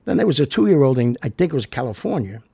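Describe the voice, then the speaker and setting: Guy hosting his own talk show, rambling and ranting, fry in the voice, dry close sound. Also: medium pitch, big pitch swings, fast, warm tone, no echo. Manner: rambling, many fillers and restarts, indignant. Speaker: show host. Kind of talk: rambling monologue with personal stories.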